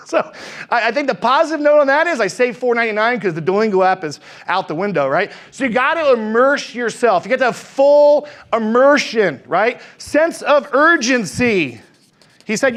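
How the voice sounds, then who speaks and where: A middle-aged man giving a motivational sales seminar, acting out conversations and asking the room questions. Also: very high-pitched. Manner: energetic, acts out dialogue, asks crowd questions. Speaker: insurance sales trainer.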